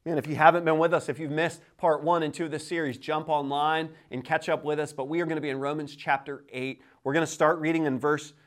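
An energetic male pastor in his thirties delivers a sermon with a slightly higher voice. He talks in a lively, animated way and often doubles his words as he gets going. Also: quick pace, few pauses. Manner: repeats words when starting sentences.

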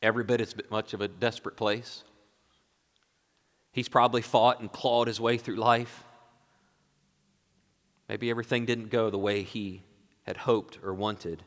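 Preacher in a reverberant hall. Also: male voice, fairly even intonation, normal speed, pauses often. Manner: shifts between hushed low lines and raised emphatic passages. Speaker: pastor. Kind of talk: sermon.

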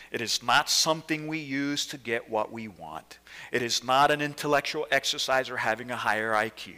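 A male pastor preaching a sermon dramatically, swinging between loud emphasis and hushed words. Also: mid-range voice. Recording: reverberant church hall.

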